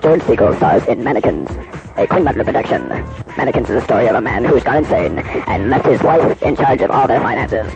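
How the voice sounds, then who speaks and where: A man's voice: medium pitch, big pitch swings, fairly quick, creaky, over music, low-quality recording. A man announcing mock commercials in an upbeat voice-over, for a homemade comedy tape.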